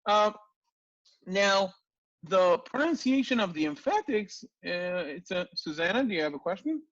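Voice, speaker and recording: A man teaching an online language class, lively and full of rhetorical questions. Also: high voice, moderate pace, dry recording, lo-fi sound. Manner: lively, asks rhetorical questions, frequent restarts. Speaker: language lecturer.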